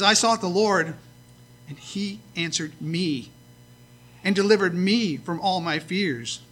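A man's voice: high-pitched, pushed and bright. A man preaching a sermon, reading scripture and explaining it in an earnest way, lifting his voice to stress key lines.

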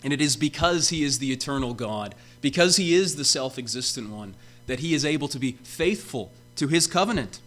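A man preaching a sermon, who lifts his voice for emphasis on repeated calls and then drops it low and slow. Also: lively intonation, a bit bright.

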